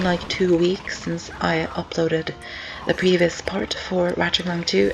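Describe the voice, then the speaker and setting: Over game music and a noisy background, a young student narrates gameplay casually from indoors at home as rain patters on the windows. The medium-pitched voice has vocal fry, and the commentary rambles and repeats with many ums, breathless and sore-throated.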